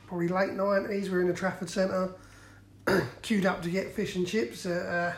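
A man's voice: high-pitched, flat delivery, normal speed, vocal fry. A man co-hosting a podcast, telling chatty anecdotes and laughing often in casual chat. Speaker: podcast co-host. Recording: roomy echo.

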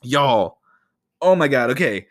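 Male podcast host, mid-range voice, casual solo talk, excitable and profane. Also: mid-range voice, a little slow. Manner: energetic, excitable, swears freely.

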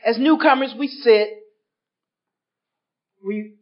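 A woman's voice: a little high, takes it slowly, slight background noise. A woman speaking at a recovery workshop, telling her story to a live audience and acting out the voices of people in it. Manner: animated, acts out voices in her stories. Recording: dull lo-fi recording.

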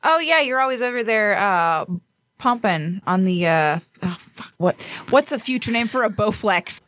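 A woman's voice: mid-range voice, lively intonation, normal speed, a bit bright. A woman playing in a tabletop game, playful and teasing as she talks in character. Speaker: player. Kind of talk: casual tabletop play.

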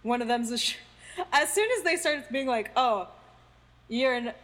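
A young woman co-hosting a casual chat, sardonic and quick to laugh, with casual swearing. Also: high voice, lively intonation, fairly bright tone. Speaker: podcast co-host.

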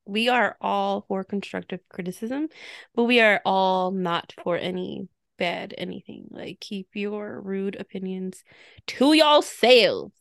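A young woman with a Chicago accent co-hosts a chatty podcast, laughing and joking as she talks. Her voice carries a gravelly rasp at mid pitch. The sound is dry and close with no room around it. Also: fairly even intonation, a little slow, a bit bright, dry recording. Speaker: podcast co-host. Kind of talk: casual chat.

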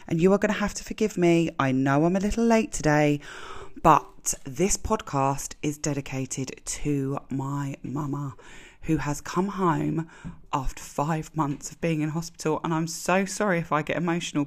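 Low-voiced British woman, candid podcast host. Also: moderate pace. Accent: British English. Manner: candid, heartfelt, swears freely. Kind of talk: casual solo podcast chat.

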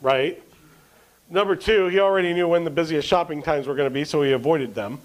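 A man's voice: fairly high pitch, brisk, rough recording. A man preaching a sermon as pastor, asking the congregation questions and answering them, and reading scripture with rising emphasis. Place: church service.

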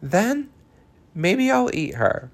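A man's voice: sits high, very animated, slow, voice pushed up, exaggerated voice. A man voicing a vicious female werewolf villain who talks in a sugary, mocking and menacing way. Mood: sweetly menacing.

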